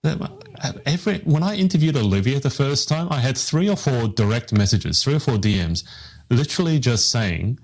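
A man's voice: medium pitch, animated, a little fast, darkish tone. A man hosting a live interview show, telling rambling, self-deprecating stories to his guest over a video call. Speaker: podcast host, interviewer.

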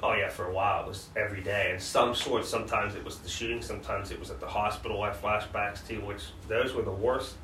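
Speaking fast with hardly any pauses, a male podcast co-host uses a fairly low, pushed, bright voice and fairly even intonation. He earnestly recounts hard memories in conversation, restarting frequently, in roomy audio from a distant mic with faint background noise.

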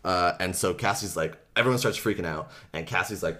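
A man casually recapping a book for a comedy podcast, animated, acting out the characters' lines and laughing often. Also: sits low, normal speed. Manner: animated retelling, acts out quotes, laughs often, many fillers.

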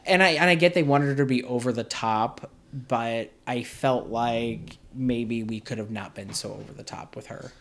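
A man's voice: medium pitch, moderate pace, a bit bright. Sarcastic male podcast host. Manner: sarcastic, exasperated. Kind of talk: casual film review chat.

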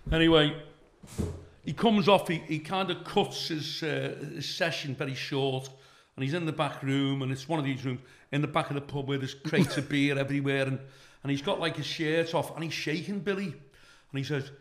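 As a comedy guest, a middle-aged British man recounts a crude anecdote with plenty of animation, acting out the people in it. He speaks at normal speed with a fairly high pitch.

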